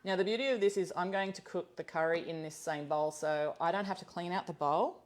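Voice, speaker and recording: A woman's voice: a little fast, a little hiss or hum. Chatty woman hosting a kitchen livestream. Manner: chatty, laughs easily, thinks aloud with ums. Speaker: cooking class host. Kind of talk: live cooking demonstration. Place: home kitchen. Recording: low-quality livestream audio.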